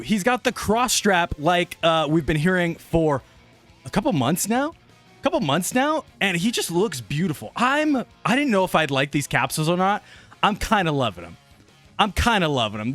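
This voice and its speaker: A man reacting live to news on his stream, loud and hyped, shouting and laughing until he is out of breath. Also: a little high, dry recording.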